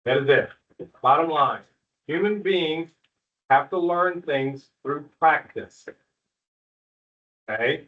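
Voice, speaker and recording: A man's voice: a little high, takes it slowly, pauses often. A middle-aged man, a school principal, speaks to parents at an evening school meeting in a folksy, joking, reassuring way. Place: school room with an audience. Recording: distant, muffled room recording.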